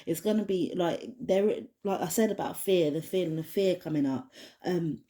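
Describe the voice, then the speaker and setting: A woman's voice: on the low side, moderate pace, warm tone. A woman giving a casual spoken oracle card reading, rambling with many restarts and fillers. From United Kingdom. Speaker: tarot card reader.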